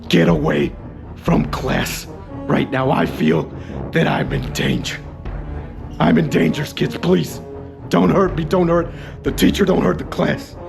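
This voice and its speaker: A man voicing a frightened little girl, a classmate, who pleads in a low, scared voice. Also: animated, a little slow, vocal fry, over music, full character voice. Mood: frightened pleading.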